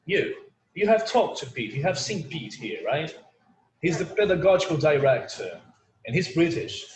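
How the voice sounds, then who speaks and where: Very animated and fairly high-pitched, a man who grew up speaking Portuguese leads an online English class at normal speed, chatting with lots of "like" and "you know." A little hiss or hum comes through, and the echoey room has faint ambience.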